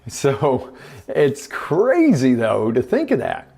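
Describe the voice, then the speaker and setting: His voice is a little high, with vocal fry and a moderate pace, as he hosts a live motivational coaching show broadcast online. The man tells animated stories for his motivational talk and acts out the characters' voices.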